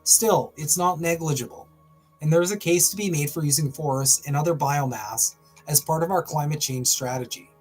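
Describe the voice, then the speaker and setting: A man with a fairly high voice reads a news article aloud on a live show, stopping now and then for dry, sarcastic jokes. Faint music plays underneath. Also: a little mellow. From Canada. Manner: wry, breaks off into playful sarcastic asides. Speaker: host. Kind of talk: reading an article aloud with jokey asides on a livestream.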